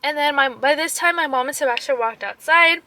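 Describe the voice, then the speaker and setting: A young woman and mother retelling an upsetting story in a casual vlog, animated, full of "like" fillers and slipping into Spanish phrases. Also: high voice, brisk. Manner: upset and emotional. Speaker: vlogger.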